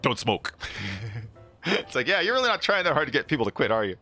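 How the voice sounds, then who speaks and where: Lively, bright-voiced male game streamer. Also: fairly high pitch, quick pace, soft background music. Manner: rambling, laughs often, reads chat aloud. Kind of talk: casual live-stream chat.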